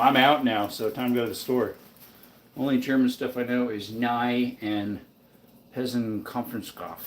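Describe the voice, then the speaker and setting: Half-awake and chatty, a man talks to his live stream audience while cooking breakfast indoors in his kitchen. His voice sits on the low side, with a bit of hiss or hum, recorded from a distance in a roomy space.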